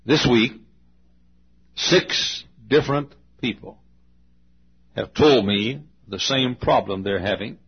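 A man preaching a sermon as pastor to his congregation, slow and emphatic, repeating key phrases and urging the listeners to pay attention. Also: mid-range voice, slightly rough, dull audio. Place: large auditorium.

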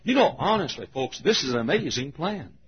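An older man preaching a sermon, telling a story and acting out the voices, shouting at the high points. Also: fairly quick. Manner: animated, acts out voices, shouts at peaks. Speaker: pastor. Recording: muffled lo-fi recording.

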